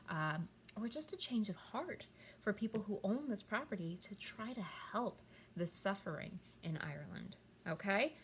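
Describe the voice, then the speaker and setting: A woman's voice: lowish voice, a bit bright, a little hiss or hum. Woman teacher at her keyboard recording a lesson, lots of ums and okays, emphatic. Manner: emphatic, many fillers and "okay?" check-ins. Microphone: computer mic at a keyboard.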